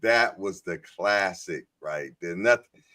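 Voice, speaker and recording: A man's voice: sits low, slow, bright, forceful tone, distant mic. A man co-hosting a casual livestream, laughing often and reading viewer comments aloud in slangy banter. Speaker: podcast co-host.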